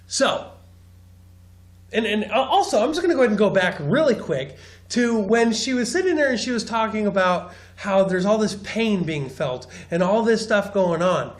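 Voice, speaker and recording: Mocking male commentator, sarcastic, animated pitch. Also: brisk. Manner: mocking, sarcastic, swings into high mock-crying voices. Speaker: commentator reacting to a clip.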